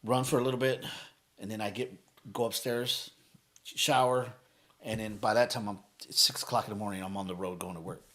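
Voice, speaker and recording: This podcast guest, a motivational speaker, has a fairly low voice and talks a little fast. He tells stories energetically in casual chat, cursing heavily and reenacting what people said.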